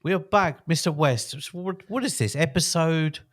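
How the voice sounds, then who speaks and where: A man's voice: fairly high pitch, normal speed, no room sound, studio quality. A middle-aged man from England co-hosting a podcast in a playful, jokey, casual chat. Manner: jokey, playful, breaks into song. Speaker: podcast co-host.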